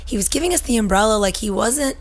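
A woman's voice: on the high side, expressive, quick pace. A woman in casual chat, telling a beach story and acting out what people said. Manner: chatty, laughing, acts out quotes.

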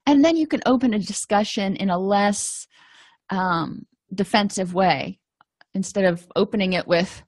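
A woman's voice: mid-range voice, a little slow, darkish tone, no room sound. A woman, a counselor, teaching a conversational lesson on empathy in relationships and acting out little quoted exchanges. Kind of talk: informal lecture on empathy.

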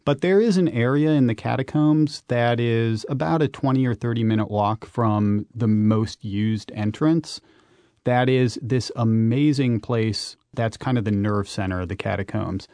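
Male interview guest, mid pitch, dry close sound, lively emphatic storyteller. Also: measured pace, dry recording. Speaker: guest, urban explorer and author. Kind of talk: radio interview.

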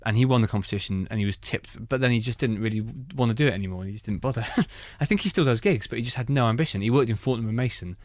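A man, a stand-up comedian, telling anecdotes in an animated way. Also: medium pitch, racing, hardly any pauses, no room sound, clean studio sound. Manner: animated storytelling. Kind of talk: conversational anecdotes.

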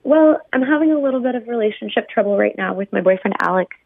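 A woman's voice: mid-range voice, expressive, fast, gravelly, slight background noise. A young woman calling in to a radio advice show, speaking hesitantly with lots of ums. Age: young adult. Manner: hesitant, many ums, nervous laughs. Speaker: caller. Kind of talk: phone-in caller telling her story. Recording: tinny phone line.

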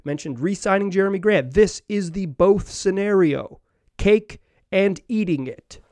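Male podcast host, slightly high voice, rambling casual sports talk, dry close mic. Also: animated, unhurried, a little mellow, no room sound. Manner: rambling, many restarts and fillers.

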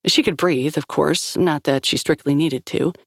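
Gravelly woman narrating a story. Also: low-pitched, moderate pace, no echo, clean studio sound. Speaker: audiobook narrator. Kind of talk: scripted narration.

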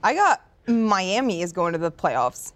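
A woman's voice: lowish voice, sing-song, a little slow. A woman co-hosting a casual sports talk show, playful and jokey, swearing casually.

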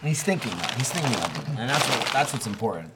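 Animated, joking young male podcast host. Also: mid-range voice, quick pace, very noisy. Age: young adult. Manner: joking, self-mocking, animated. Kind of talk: casual podcast banter.

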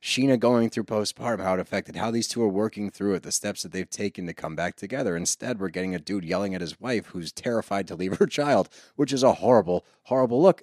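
A man hosting a casual reality-TV recap podcast, talking in an animated, sarcastic way and swearing freely. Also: lowish voice, fast talker, hardly any pauses, no room sound, clean studio sound. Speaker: podcast host.

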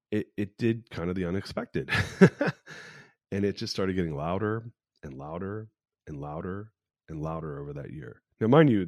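Deep-voiced man telling a personal story. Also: darkish tone, no echo, studio quality. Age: 40s. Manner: candid, rambling, with frequent restarts and fillers. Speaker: podcast host.

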